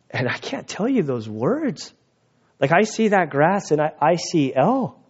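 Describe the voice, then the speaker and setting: Outdoors at a church gathering, a male pastor preaches a sermon, telling stories conversationally and sometimes with emotion. His voice is fairly high with lively intonation and a normal speed, though the recording sounds muffled.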